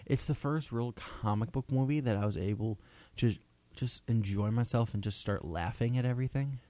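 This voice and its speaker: A young man co-hosting a casual, rambling talk show, playful and quick to laugh. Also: mid-range voice, warm tone, no echo. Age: young adult. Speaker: co-host. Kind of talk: casual chat.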